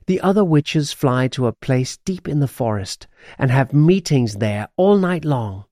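A man reading a children's audiobook aloud in an expressive storytelling manner. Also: mid-range voice, measured pace, dry recording, studio quality. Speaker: audiobook narrator.

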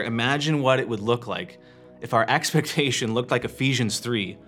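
A man preaching a sermon as a church pastor, earnest, shifting his emphasis and letting phrases fall quiet at the end. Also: mid-range voice. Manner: earnest, varies emphasis and pace, drops to quiet endings.

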